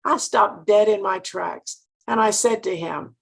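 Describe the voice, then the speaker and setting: A woman's voice: mid-range voice, unhurried, creaky, breathy edge. An older woman from Mississippi, giving an earnest motivational sales talk and asking her listeners direct questions.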